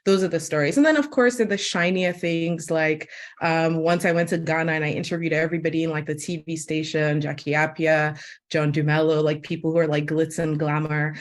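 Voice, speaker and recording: A woman from Sierra Leone with an American accent tells a personal story on a webinar panel. She speaks in an animated, chatty way and fills her sentences with "like." Her voice sits a little low for a woman. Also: fairly quick. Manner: animated storyteller, many "like" fillers. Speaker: webinar guest, media host.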